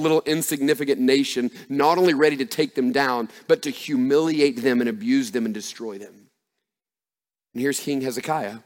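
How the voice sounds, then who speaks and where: A male pastor delivering a sermon with a slightly raised voice. His delivery is emphatic and builds up to loud passages. A long reverb hangs on every word, as in a large hall. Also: a little high.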